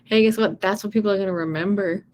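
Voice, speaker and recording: A woman's voice: mid-range voice, quick pace, darkish tone, a little hiss or hum, natural voice. A woman voicing a nagging male gremlin of self-doubt who needles and taunts. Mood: taunting.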